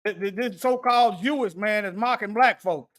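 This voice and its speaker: A middle-aged commentary host who reacts to clips, mocks them loudly and laughs often. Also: medium pitch, normal speed. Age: middle-aged or older. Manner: mocking, loud, laughs often.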